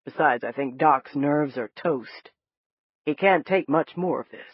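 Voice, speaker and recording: A narrator voicing a folksy, gruff but kind older man in an audiobook, talking in a plain-spoken drawl. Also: mid-range voice, a little slow, dry recording, lo-fi sound. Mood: reassuring. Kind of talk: audiobook character voice.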